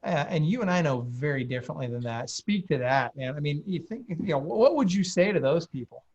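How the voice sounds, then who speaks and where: A man's voice: fairly high pitch, lively intonation, fairly quick, a little mellow, breathy edge, muffled recording. A man hosting a casual interview, engaged and asking his guest follow-up questions. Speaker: podcast host.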